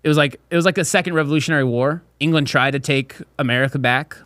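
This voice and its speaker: A man's voice: fairly high pitch, quick pace, fairly bright tone, no echo. A young man hosting a casual podcast, telling crude, rowdy stories and mimicking voices. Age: young adult. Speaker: podcast host.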